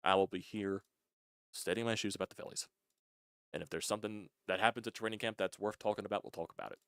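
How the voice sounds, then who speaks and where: A man's voice: lowish voice, steady tone, fast, fairly bright tone, smooth, no room sound, studio quality. A young man hosting a sports channel, talking in a frustrated, casual rant, swearing and breaking off words.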